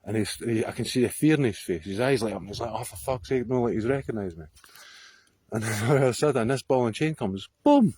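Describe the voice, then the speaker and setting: A man's voice: lowish voice, quick pace, a little mellow, husky. A Scottish man telling a story to camera outdoors on a hillside, rambling, swearing freely and often laughing. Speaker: vlogger.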